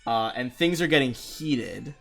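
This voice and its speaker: A man's voice: mid-range voice, lively intonation, unhurried, creaky, a bit bright, soft background music. A man acting as game master, describing the scene in a loose, laughing way. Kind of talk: narrating a tabletop game.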